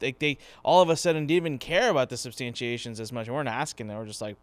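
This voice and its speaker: A man's voice: medium pitch, fast talker, few pauses, no echo. A podcast host, a man, talking casually and with enthusiasm, often repeating his words as he goes.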